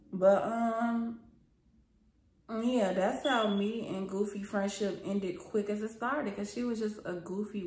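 Gravelly-voiced young woman gossiping in a roomy space. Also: medium pitch, darkish tone. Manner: profane, gossipy, chatty, addresses viewers as y'all. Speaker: storytime vlogger. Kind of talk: casual storytime. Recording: roomy echo.

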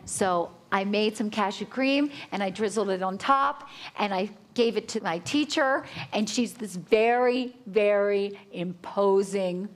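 Woman, chef, live cooking demonstration, animated storytelling, acts out her reactions. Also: mid-range voice, a little slow, hardly any pauses. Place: conference hall with a live audience.

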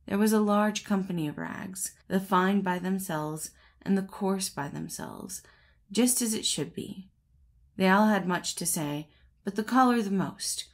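A woman host narrating a classic fairy tale as an audiobook, greeting listeners in a friendly, chatty way before reading steadily. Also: mid-range voice. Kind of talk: storybook narration.

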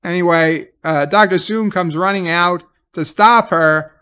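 Man with a high voice, casual episode recap, sarcastic, swears a lot. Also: unhurried, sharp tone, smooth. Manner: profane, sarcastic paraphrasing of scenes. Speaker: TV episode reviewer.

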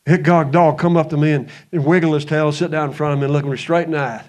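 A man preaching a folksy sermon, telling a homespun story with chuckles and easing into a soft, hushed close. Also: a little high, fairly even intonation, fast, few pauses. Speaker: pastor.

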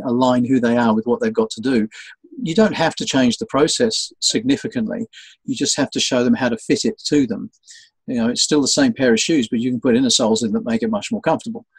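A man with a medium-pitched, brisk voice and a breathy edge is interviewed as a sales trainer in a conversational setting. He tells stories with animation, acting out the voices of the people in them. The recording is low quality with no room sound.

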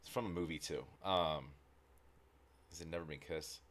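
A man hosting a reaction video, talking in an excitable, rambling way with frequent restarts. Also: rumbling low, moderate pace. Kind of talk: casual reaction commentary.

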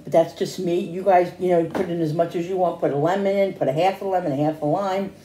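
A woman's voice: on the low side, fairly even intonation, quick pace, warm tone, slight background noise. A woman chatting casually in a home cooking vlog, rambling with restarts and tasting hums. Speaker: cooking vlogger. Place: home kitchen. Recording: echoey kitchen with dish clatter.

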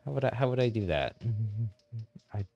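A man streaming a game, chatting casually with viewers, a bit hesitant and quick to laugh, his voice a little hoarse. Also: medium pitch, lo-fi sound, faint music behind. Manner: relaxed, hesitant, laughs often. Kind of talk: casual live-stream chat.

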